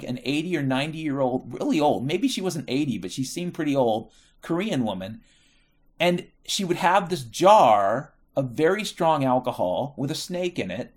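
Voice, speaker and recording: A middle-aged American man telling stories in a casual monologue, profane and rambling, often correcting himself. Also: medium pitch. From United States.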